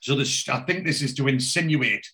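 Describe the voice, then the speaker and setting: A man's voice: medium pitch, normal speed, pushed and bright. A man chatting casually, retelling the scenes of a TV episode and swearing freely as he goes. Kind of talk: casual TV episode recap chat.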